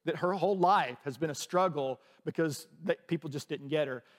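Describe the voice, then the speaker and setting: A man's voice: fairly high pitch, moderate pace, in a large hall. A man preaching a sermon as a pastor, telling a personal story in a conversational way with frequent restarts.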